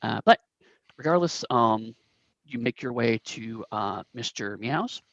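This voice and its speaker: A man's voice: medium pitch, expressive, takes it slowly, no room sound. Man running a tabletop game, rambling, lots of ums, dull dry call audio. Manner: rambling, many fillers and restarts. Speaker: game master.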